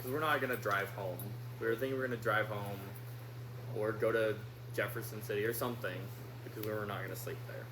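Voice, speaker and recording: A young man casually telling a family story with his wife, animated in the lively parts. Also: on the low side, fast talker. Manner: animated, shouting in re-enacted bits. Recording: echoey room with noise.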